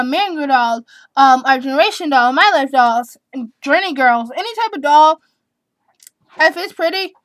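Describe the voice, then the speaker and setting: Brief: eleven-year-old girl vlogger, high-pitched, chatty and giggly, dry close sound. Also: fairly bright tone, no room sound. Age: child, eleven. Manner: chatty, giggly, rambling with restarts and repeats. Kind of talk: casual chat answering tag questions.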